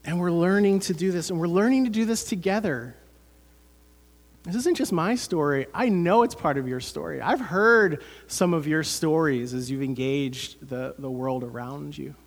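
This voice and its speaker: A man's voice: fairly high pitch, normal speed. A man, preaching a sermon as pastor, earnest and conversational with many fillers.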